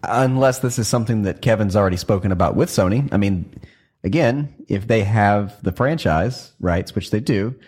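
A man's voice: on the low side, moderate pace, darkish tone, husky. A man co-hosting a casual podcast chat, telling rambling stories and teasing the others. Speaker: podcast co-host.

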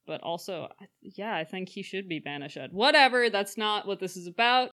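A young woman chatting casually on a podcast, jokey and animated as she acts out quoted lines in silly voices. Her delivery is loose and conversational, with a playful, teasing edge. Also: medium pitch, fairly quick. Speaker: podcast co-host. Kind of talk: casual chat.

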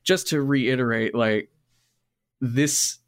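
A man's voice: mid-range voice, slow pace, no room sound, studio quality. A man co-hosting a podcast in casual chat, frank and joking with some swearing. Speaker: podcast co-host.

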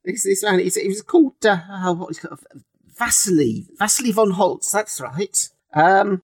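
A woman's voice: mid-range voice, animated, normal speed, slightly rough, no echo, clean studio sound. A woman voicing a nervous male coffin maker with a British accent, stammering and hesitant.

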